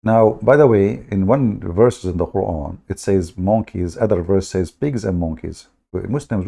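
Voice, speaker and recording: Sarcastic gravelly-voiced man hosting a stream. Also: sits low, a little slow, hardly any pauses, dark tone. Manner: sarcastic, mocking, laughing. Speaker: live stream host. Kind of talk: mocking live-stream commentary.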